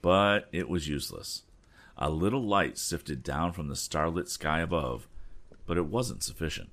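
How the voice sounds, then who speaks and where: A man hosting a storytime show, reading a classic adventure novel aloud in a relaxed, unhurried way. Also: deep voice. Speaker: storyteller host.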